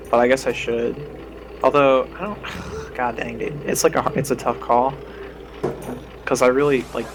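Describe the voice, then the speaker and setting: A young man streaming a speedrun, chatting casually with rambling, sarcastic asides. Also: mid-range voice. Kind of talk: casual stream chat over gameplay. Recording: game music playing behind.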